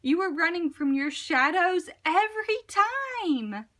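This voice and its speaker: A woman's voice: very high-pitched, very animated, slow, bright, forceful tone, a little hiss or hum, pitched above the performer's own voice, exaggerated voice. A woman voicing an amazed badger in a children's storybook, speaking in a raised tone. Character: amazed storybook badger, one of four friends.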